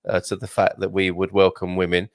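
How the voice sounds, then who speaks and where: A man's voice: low voice, completely flat delivery, fairly quick, no echo, clean studio sound. A man hosting a casual live stream, chatting in a rambling way, laughing often and restarting his sentences. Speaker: host reading viewer comments.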